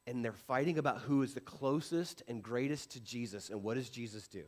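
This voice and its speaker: A man preaching in a church, talking to his congregation in a casual, conversational way. He pokes fun at himself and keeps asking rhetorical questions, in a voice of ordinary pitch for a man. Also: fairly quick. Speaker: pastor. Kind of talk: sermon. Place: church sanctuary.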